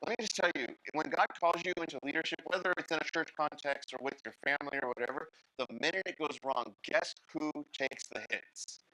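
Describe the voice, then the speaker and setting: Bright-voiced male pastor preaching. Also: fairly high pitch, fairly quick, hardly any pauses, no room sound, poor audio. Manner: animated storytelling, acts out Bible characters in voices; talks to the congregation directly. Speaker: guest teaching pastor. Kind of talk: sermon.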